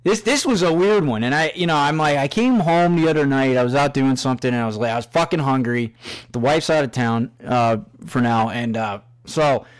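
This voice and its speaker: A man's voice: mid-range voice, a little fast. Middle-aged male podcast host, profane and rambling, casual storyteller. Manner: profane, storytelling, swears constantly.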